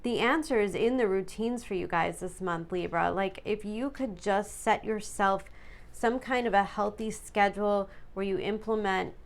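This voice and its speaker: A woman's voice: medium pitch, normal speed. A woman giving a casual tarot reading to her viewers, chatty and upbeat, sometimes stumbling over words. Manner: chatty, reads card texts aloud, some stumbles. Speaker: tarot reader.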